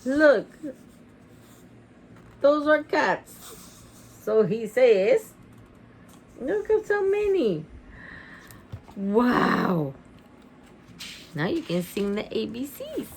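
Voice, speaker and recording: A woman reading a picture book aloud with animated, chatty asides, gasping and laughing as she goes. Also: a little high, very slow, long pauses, slight background noise. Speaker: reader.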